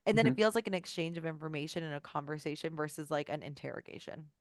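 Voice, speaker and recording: A woman's voice: sits low, quick pace, dry recording, studio quality. Chatty woman coaching on a video call. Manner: casual, filler-heavy, acts out sample messages. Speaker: business coach. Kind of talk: live online coaching call.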